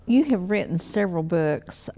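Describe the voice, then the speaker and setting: A woman with a fairly low voice puts measured, polite questions to a guest in a television interview. Her tone stays even and attentive.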